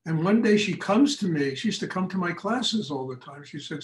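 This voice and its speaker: A man's voice: on the high side, moderate pace, few pauses, roomy sound, rough recording. An older man, a meditation teacher, speaking frankly and telling stories in a lecture and question session after a class. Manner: frank, animated storytelling.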